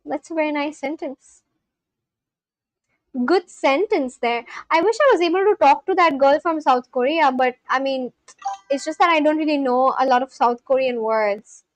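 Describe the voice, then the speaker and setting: A woman's voice: sits high, normal speed, dry recording, low-quality recording. A young woman chatting casually on a livestream, gushing and exclaiming often as she reacts to viewers.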